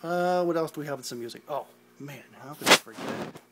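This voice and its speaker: A man's voice: a little high, fairly quick, pushed and bright. A man giving a casual, rambling tour of his indoor garage garden, filmed on a handheld phone, with self-deprecating asides and many fillers. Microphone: phone camera held while walking.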